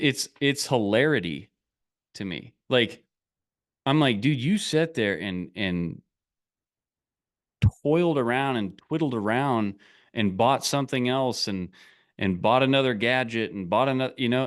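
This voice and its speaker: A man's voice: fairly high pitch, a bit bright. A middle-aged man coaching in a loose, conversational way. He talks bluntly, swears freely and rambles, often restarting his sentences. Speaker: online business coach. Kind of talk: casual motivational talk.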